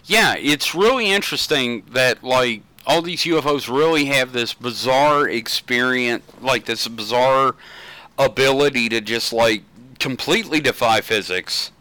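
Bright-voiced joking man, close and dry. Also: medium pitch, unhurried, clean tone, no echo, rough recording. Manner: jokey, animated banter. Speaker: podcast co-host. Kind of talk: casual chat.

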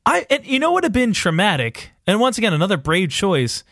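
A man's voice: high-pitched, big pitch swings, fairly quick, a bit bright, no room sound, clean studio sound. A man co-hosting a podcast, recapping a TV episode in a loose, rambling way with lots of fillers and swearing. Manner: rambling, profane, full of fillers and quoted asides. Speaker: podcast co-host. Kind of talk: casual TV recap chat.

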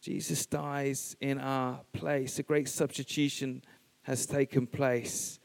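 A man delivering a sermon in slow, weighted phrases that he lets hang. His voice is smooth and resonant, with a long reverb trailing off it in a large church hall. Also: medium pitch, level tone. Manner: measured, emphatic phrasing with pauses. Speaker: preacher.

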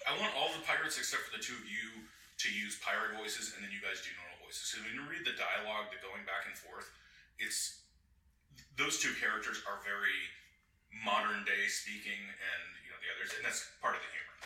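A man chatting casually, telling rambling, animated stories about his film plans. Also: on the low side, a little fast. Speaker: guest filmmaker. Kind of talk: casual chat. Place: casino hotel in a city. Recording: echoey room, mic at a distance.

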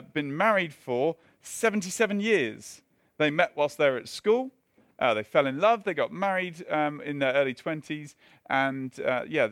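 A man's voice: on the high side, dry recording, studio quality. A man preaching a sermon in a conversational way, with self-mocking asides and frequent restarts.

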